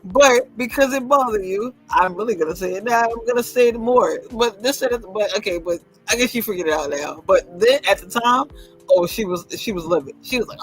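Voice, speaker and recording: A man's voice: sits high, fairly quick, a bit bright, low-quality recording. A man hosting a casual livestream chat, gossipy and laughing often as he acts out what others said. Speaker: host.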